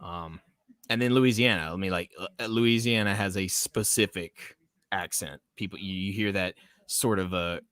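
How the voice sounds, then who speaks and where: Man, American South, podcast host, casual live-stream chat, low voice, dry close sound. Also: moderate pace, fairly bright tone, no room sound. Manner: rambling, laughs often, reads chat aloud.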